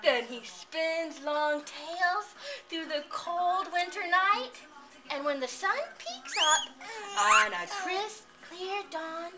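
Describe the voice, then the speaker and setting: A woman's voice: very high voice, slow pace. A young woman, a children's librarian, reading a picture book aloud to a child at home with a sing-song, dramatic delivery. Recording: home video with clear background noise.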